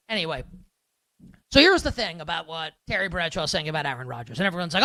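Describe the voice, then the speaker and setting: A man with a New York accent hosts a live sports talk show, his voice bright and forward. The sound is dry and close, and he rambles along in an animated, sarcastic way. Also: high-pitched, fast, dry recording, rough recording. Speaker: sports betting show host.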